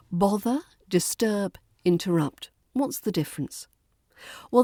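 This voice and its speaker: A British woman hosting a pronunciation lesson podcast, speaking clearly and slowing down to model words. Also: mid-range voice, warm tone, dry recording, studio quality. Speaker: podcast host and pronunciation teacher.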